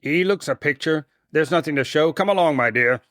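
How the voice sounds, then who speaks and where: A man's voice: on the high side, fairly quick, fairly bright tone, dry recording, clean studio sound, pitched above the performer's own voice, close to an everyday voice. A man voicing a sly, fawning woman in a read-aloud story, in a raised voice. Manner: fond and sly.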